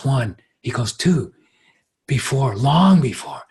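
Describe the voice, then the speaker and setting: A man leads a reflective workshop as a spiritual teacher, his mid-range voice carrying a breathy edge. He's gentle and slow, stops frequently, and perks up when voicing other people's words.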